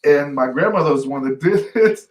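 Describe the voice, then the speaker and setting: A man co-hosting a talk show, telling a family story in a lively, laughing way and mimicking his relatives. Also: on the high side, fairly quick. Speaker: podcast co-host. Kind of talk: casual storytelling. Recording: echoey room, off-mic.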